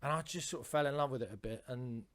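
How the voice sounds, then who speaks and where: A man's voice: medium pitch, fast talker, a bit bright. A man, a comedian telling rambling anecdotes on a podcast with frequent restarts and swearing. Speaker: comedian guest.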